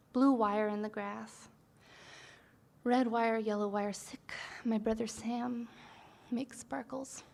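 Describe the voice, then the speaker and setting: A woman poet reading her own poems at a live event, in a soft, measured voice that sometimes drops to a whisper. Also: on the high side, creaky. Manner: soft, measured delivery, at times sinking into a whisper.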